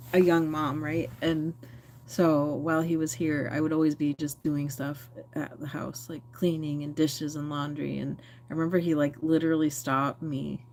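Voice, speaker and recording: A woman's voice: low-pitched, a little mellow, a little hiss or hum. A woman chatting candidly and rambling on a phone livestream, answering viewer comments. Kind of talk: casual live-stream chat.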